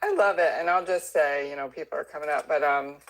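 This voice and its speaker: A woman's voice: sits low, fast talker. Cheerful, chatty woman book club member.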